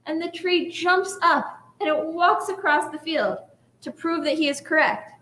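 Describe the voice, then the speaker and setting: Casting note: woman rabbi, high voice, chatty sermon full of "right?", echoey sanctuary. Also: a little slow, bright, forceful tone. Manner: conversational, often adds "right?". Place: synagogue sanctuary.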